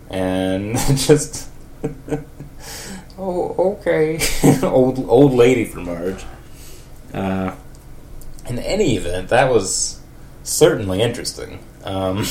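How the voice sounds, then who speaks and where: Slow, low-voiced man reading aloud. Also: darkish tone, slight background noise. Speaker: podcast host. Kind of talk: reading a story aloud, then casual chat.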